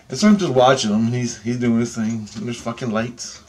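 A man's voice: mid-range voice, steady tone, brisk, slight background noise. A man casually recounting an experience in a rambling, profane way, acting out both sides of the conversation. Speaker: channel host.

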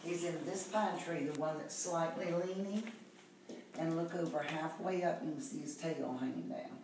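Low-voiced woman heard from across an echoing room. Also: moderate pace. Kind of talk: casual home video chat. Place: home with pets. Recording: distant, very echoey, noisy.

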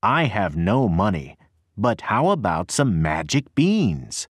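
A strange, smooth-talking trader from a read-aloud storybook, as a narrator puts him on. The low, husky voice moves slowly and coaxes. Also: male voice, sing-song, no echo, studio quality, exaggerated voice. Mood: persuasive.

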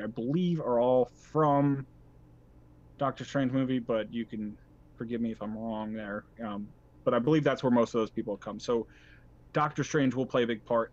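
A man's voice: mid-range voice, dull audio. A man co-hosting a podcast in casual chat, talking in an enthusiastic, rambling way with frequent restarts. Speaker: podcast co-host.

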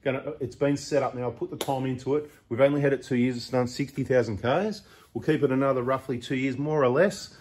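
Speaking fast in a mid-range, slightly mellow, husky voice, the middle-aged Australian host of a 4x4 channel offers casual advice straight to camera. He's talkative and opinionated, prone to rambling asides.

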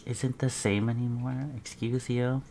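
A man reacting to a trailer as an excited fan, muttering asides and breaking into dramatic outbursts. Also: mid-range voice, measured pace, creaky, a little hiss or hum. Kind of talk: casual reaction commentary.

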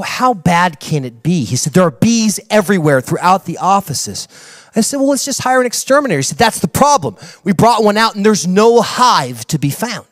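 A man preaching a sermon as a pastor, telling a story with acted-out dialogue and building to excited preaching. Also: high-pitched, no room sound. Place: church.

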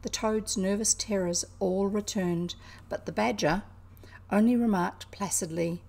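Woman, New Zealand accent, reading a storybook aloud, creaky voice, expressive. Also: mid-range voice, normal speed. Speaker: reader. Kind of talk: reading a classic children's novel aloud.

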